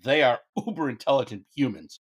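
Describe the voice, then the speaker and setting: A man's voice: mid-range voice, expressive, a little fast, husky, lo-fi sound. A man co-hosting a music podcast, speaking emphatically and casually with some swearing. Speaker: podcast co-host. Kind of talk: casual music review chat.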